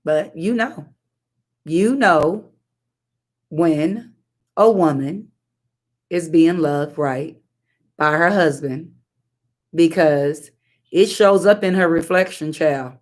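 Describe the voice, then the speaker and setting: A woman's voice: sits low, takes it slowly, long pauses, darkish tone. A middle-aged woman preaching a live-streamed sermon, emphatic and repetitive, with colloquial, sassy asides to her listeners. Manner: emphatic repetition and call-outs to the audience.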